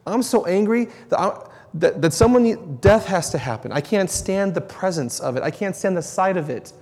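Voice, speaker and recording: A man's voice: high voice, expressive, normal speed, a little mellow. A man voicing God as stern and wrathful yet merciful, with emphatic, repeated declarations, heard with long hall reverb.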